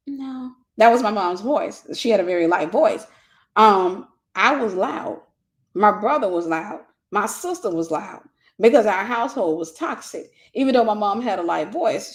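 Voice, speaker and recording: A woman talks through a ministry lesson in a casual, conversational way. She often says a line twice to drive it home and fills gaps with easy fillers. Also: medium pitch. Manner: repeats key phrases for emphasis. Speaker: ministry host and teacher. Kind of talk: informal spoken teaching.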